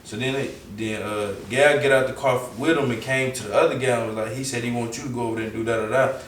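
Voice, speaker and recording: A young man with a Southern US accent, telling a story casually as an interview guest, animated and full of slang, acting out the quotes. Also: mid-range voice, quick pace, distant mic. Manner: animated, acts out quotes, heavy slang and profanity. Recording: roomy echo, off-mic, faint background noise.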